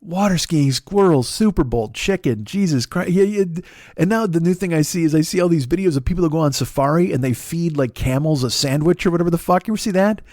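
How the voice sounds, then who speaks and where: A man's voice: a little high, quick pace, no room sound. Profane rambling male comedian, dry sound. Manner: rambling, profane, animated rants with restarts. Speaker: comedian, podcast host. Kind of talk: solo comedic monologue.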